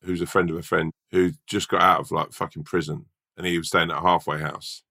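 Low, gravelly male comedian with a forceful tone, swearing through a casual anecdote. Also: flat delivery, fairly quick. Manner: swears a lot, rambling anecdotes. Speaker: stand-up comedian and podcast co-host. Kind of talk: casual storytelling chat.

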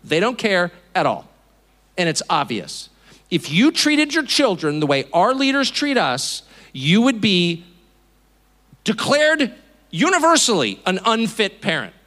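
A man's voice: sits high, huge pitch swings, a little slow, a bit bright. A man in his fifties from California gives an indignant, mocking speech to a live audience, acting out the voices he quotes. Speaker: speaker. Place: auditorium.

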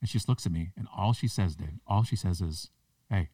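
A man with a fairly low voice tells a story on a podcast, landing his self-mocking jokes with punchy timing. He sounds a little distant from the microphone. The recording is dry, with no room echo. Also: a little fast, mellow, husky. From Canada. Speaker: podcast guest, public speaker. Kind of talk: animated storytelling in a podcast interview.

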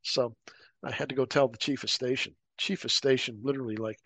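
A middle-aged man spins a casual war anecdote, jumping into higher voices whenever he quotes someone. His voice sits at an ordinary middle pitch, and the mic is close, with a dry, dead sound. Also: brisk, no room sound. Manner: animated anecdotes, acting out quoted voices, laughing. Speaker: podcast guest, former paramilitary officer. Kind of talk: casual storytelling interview.

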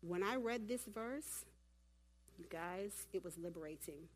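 A woman giving a lively sermon at a church women's event and directing volunteers from the audience. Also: on the low side, unhurried. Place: church hall.

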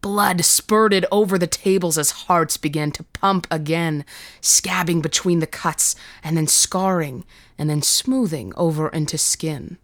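A woman reading a scripted horror story in a measured, vivid storytelling manner. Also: deep voice, dry recording. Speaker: narrator.

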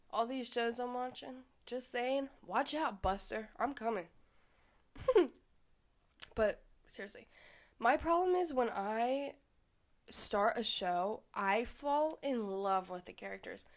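A young adult woman hosting her own podcast, chatting casually and candidly, rambling with lots of "like" and frequent laughs. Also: on the high side. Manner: rambling, candid, laughs often, says "like" a lot. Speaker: podcast host. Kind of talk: casual solo podcast chat.

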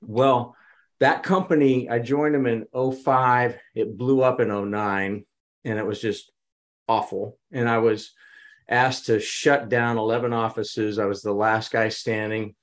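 A man's voice: mid-range voice, a little slow. A man telling business stories in a conversational interview and acting out quoted lines. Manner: animated, dramatizes quotes. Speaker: business consultant guest. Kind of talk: conversational storytelling.

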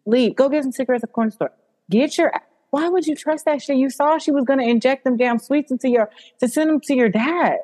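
A woman hosting a podcast, talking in an animated, emphatic casual chat and swearing freely. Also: high voice, a little fast. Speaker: podcast host. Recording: long hall reverb.

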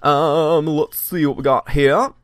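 A man hosts a live movie stream, greeting his chat with animated, friendly energy. His voice sits a little high for a man. The sound is close and dry, with no room echo. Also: takes it slowly. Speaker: movie blog host. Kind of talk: live stream chat, reading viewer comments.

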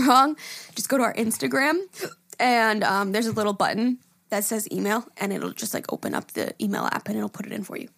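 A woman's voice: fairly high pitch, gravelly, fairly bright tone. A woman co-hosting a casual podcast, reading listener emails aloud, laughing often and swearing casually. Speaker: podcast co-host.

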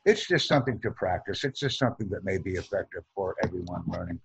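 A man teaching an online English lesson, speaking in slow, deliberate drills and repeating sentences for practice. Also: deep voice, animated, slightly rough.

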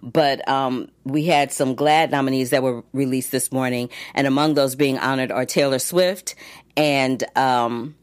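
Low-voiced woman chatting awards news. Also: fairly even intonation, measured pace. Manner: chatty, lots of fillers and restarts; reads long lists of nominees. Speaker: entertainment news host; actress. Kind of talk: casual entertainment news chat.

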